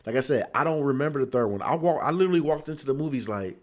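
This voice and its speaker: A man's voice: medium pitch, expressive, rapid-fire. A young man from Cincinnati reviewing a movie in a casual, rambling way, repeating words and acting out his friends' lines.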